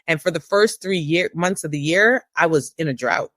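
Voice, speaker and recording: A woman in her thirties giving a candid personal testimony as an interview guest, with emotional, preacher-like rises in pitch. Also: moderate pace, fairly bright tone, no echo, studio quality.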